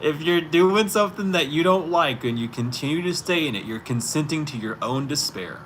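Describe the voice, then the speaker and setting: A man's voice: fairly high pitch, expressive, moderate pace, few pauses, a bit bright, a little hiss or hum. A man vlogging in a casual, incredulous way, chuckling as he argues back at someone unheard. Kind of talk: casual spoken monologue. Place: outdoors on a street.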